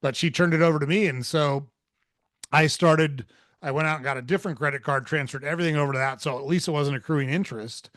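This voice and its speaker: A man's voice: on the high side, fast, dry recording, clean studio sound. Candid, swearing man telling a story. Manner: candid, swears freely, animated when quoting. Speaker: podcast host. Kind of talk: casual storytelling conversation.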